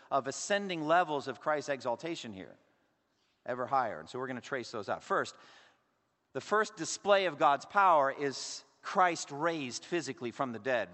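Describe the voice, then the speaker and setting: A man preaching a sermon as pastor, varying his volume and pace with dramatic pauses. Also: a little high, a bit bright. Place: church sanctuary. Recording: long reverb of a large hall.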